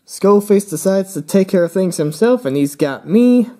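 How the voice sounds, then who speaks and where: A man's voice: on the high side, animated, normal speed, warm tone. A young man hosting his own channel, casually walking through his old drawings in a rambling way, with fillers and playful asides. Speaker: channel host.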